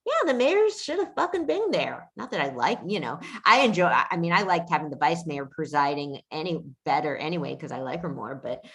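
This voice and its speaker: A woman's voice: low-pitched, sing-song, a little fast, few pauses. A woman hosting a podcast in casual chat, ranting indignantly with frequent swearing and restarts. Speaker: podcast host.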